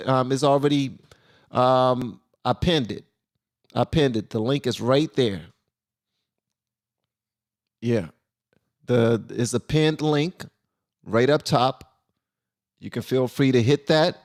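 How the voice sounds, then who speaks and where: A man's voice: medium pitch, darkish tone. A man hosting a casual live stream and talking loosely, with many fillers and restarts.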